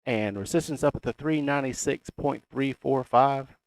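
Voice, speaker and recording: Middle-aged Southern man, folksy market commentator, gravelly voice. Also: medium pitch, normal speed, dry recording. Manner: folksy, reads price levels aloud. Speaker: crypto chart analyst. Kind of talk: casual chart commentary.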